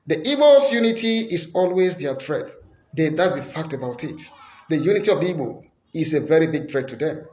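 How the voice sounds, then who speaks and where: A man's voice: fairly high pitch, expressive, a little fast, roomy sound, low-quality recording. A Nigerian man giving an impassioned political speech, emphatic and repeating his points with force. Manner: emphatic, repetitive, forceful declarations.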